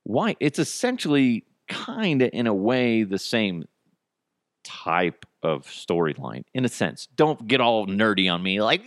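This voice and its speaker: A man's voice: fairly low pitch, very animated, unhurried, fairly bright tone, no echo, clean studio sound. A man in his thirties hosting a casual solo podcast, rambling and cursing with self-mocking humor. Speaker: podcast host. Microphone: headphones and studio mic.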